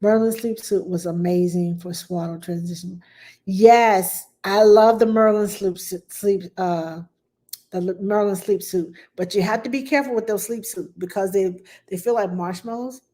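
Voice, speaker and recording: A woman at middle pitch, speaking as a nanny taking viewer questions about babies. She is casual and reassuring, stressing points with a run of "yes." She acts out baby sounds and her own quoted lines with lively energy. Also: normal speed. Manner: reassuring, repeats "yes" for emphasis. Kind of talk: casual Q&A talk.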